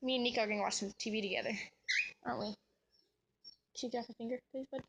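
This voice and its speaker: A woman's voice: on the high side, fairly even intonation, racing, vocal fry, a little hiss or hum. A woman vlogging about her pet cockatiel, chatting casually and cooing to the bird in a sing-song baby voice. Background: cockatiel chirping.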